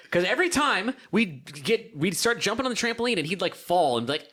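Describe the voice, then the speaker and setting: A man's voice: high-pitched, quick pace, few pauses. A young man telling a story on a casual podcast, laughing often and acting out voices. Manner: animated, laughing, acts out voices in stories. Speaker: podcast co-host.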